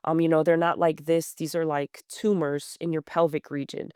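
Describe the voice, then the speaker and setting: Woman, thirties, blunt candid storytelling, smooth clear voice, dry close sound. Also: deep voice, flat delivery, a little fast, hardly any pauses, darkish tone, no echo. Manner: blunt, plain-spoken, many fillers and restarts. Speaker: guest runner.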